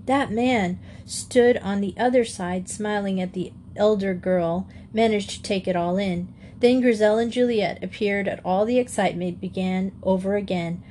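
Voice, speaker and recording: A woman reads a classic children's story aloud in steady, even narration. Her pitch sits mid-range, and a faint hiss runs underneath. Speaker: audiobook reader. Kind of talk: scripted narration.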